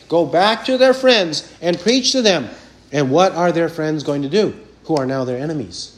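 Slow, high-voiced preacher man. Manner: emphatic, rhetorical questions, slow deliberate phrasing. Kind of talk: expository sermon.

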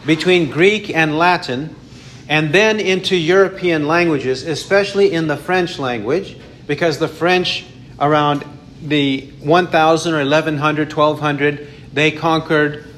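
A man's voice: fairly high pitch, a bit bright, a little hiss or hum. Man teaching a Bible study. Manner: explanatory, with frequent restarts and self-corrections.

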